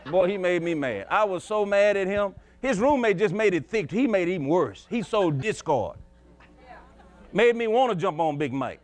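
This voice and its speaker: A man's voice: high voice, lively intonation, moderate pace. A male preacher telling a folksy story in a sermon, chuckling and emphatic as he goes.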